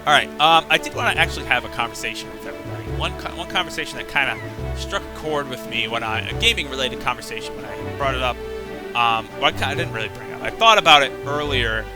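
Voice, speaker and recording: A man's voice: mid-range voice, lively intonation, fast talker, over music. A young man streaming a game, casually talking through his play with chatty, muttered asides. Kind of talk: casual live gameplay commentary.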